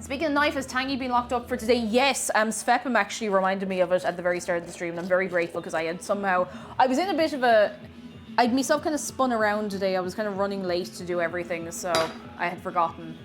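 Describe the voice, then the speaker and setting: A woman's voice: medium pitch, steady tone, quick pace, soft background music. A woman streamer in casual live-stream chat, greeting viewers by name and playfully repeating phrases while she works in her home kitchen.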